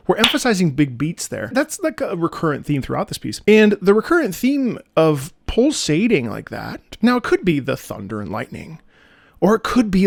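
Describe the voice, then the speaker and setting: A man giving a casual, excitable breakdown of game music, singing melody lines in scat syllables with chatty fillers. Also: sits high, normal speed, gravelly, dry recording, studio quality. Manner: profane asides, chatty fillers. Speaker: video game music analyst.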